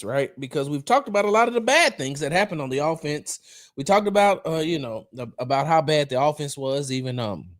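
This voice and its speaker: Animated man hosting a fan show. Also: fairly high pitch. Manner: animated, swings from loud to quiet. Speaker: sports podcast host. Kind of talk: casual fan commentary. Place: home room.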